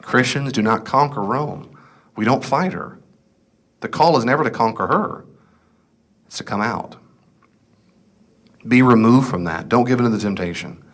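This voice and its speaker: A middle-aged man with a medium-pitched, fairly bright voice leads an informal Bible class at a moderate pace, leaving long pauses. He reads scripture, speaks conversationally, and answers the very questions he puts to the class.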